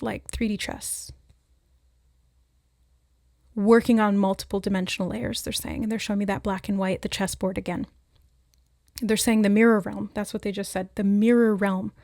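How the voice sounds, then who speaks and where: A woman giving a spontaneous spiritual reading, musing aloud with hesitant pauses as she relays what she senses. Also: mid-range voice, darkish tone, no room sound, clean studio sound. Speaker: intuitive oracle reader.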